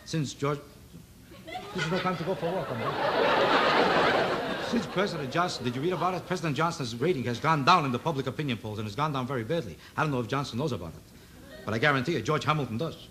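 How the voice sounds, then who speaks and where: A man doing a stand-up routine on a TV variety show, needling an audience member with quick rhetorical questions. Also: mid-range voice. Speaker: stand-up comedian. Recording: loud noise on an old TV broadcast recording.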